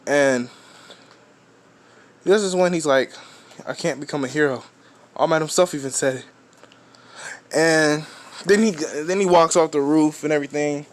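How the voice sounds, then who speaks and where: A man's voice: fairly high pitch, a little slow, long pauses. A man casually retelling a fan story, rambling, restarting often and swearing offhand.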